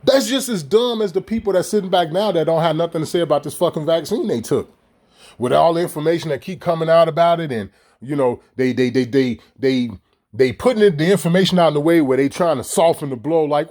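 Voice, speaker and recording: Heated, profane man ranting, higher-pitched voice. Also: fairly quick, darkish tone. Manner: heated, profane and mocking, with repeated rhetorical questions. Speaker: vlogger ranting to his audience. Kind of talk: profane monologue straight to camera.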